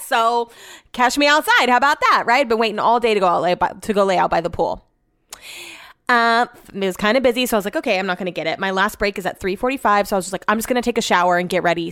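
A woman's voice: medium pitch, a bit bright, clear, resonant tone, no echo, clean studio sound. A young woman hosting a podcast, chatting casually and self-deprecatingly, laughing often. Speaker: podcast host. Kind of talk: casual solo podcast chat.

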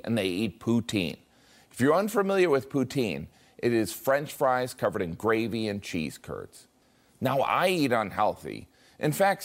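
Wry American man with lively delivery. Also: on the low side. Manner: wry, deadpan jokes with mock-voiced asides. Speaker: comedy commentator. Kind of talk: scripted comic commentary.

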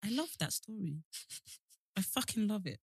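A woman's voice: medium pitch, animated, moderate pace, breathy edge, no echo, studio quality. A young woman co-hosting a casual podcast, blunt and teasing, swearing freely. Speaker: podcast co-host. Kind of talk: casual chat.

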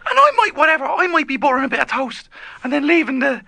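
A man's voice: very high voice, sing-song, fast, gravelly, no echo, exaggerated voice. A man playing a brash, overwrought young caller who boasts he is hard. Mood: boastful. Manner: boastful, overwrought, swinging between shouting and mumbling. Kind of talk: improvised comedy.

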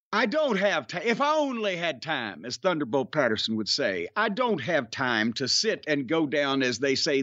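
Southern male podcast host, lively high voice, crude, wandering storyteller, dry muffled sound. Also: no echo. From Southern United States. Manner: profane, sardonic, long-winded storytelling. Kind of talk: casual rambling chat.

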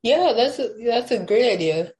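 A young woman, a podcast guest, chatting casually and then reading her own poem aloud with slow, measured stresses. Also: fairly high pitch, expressive, darkish tone, rough recording. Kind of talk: casual chat and poetry reading.

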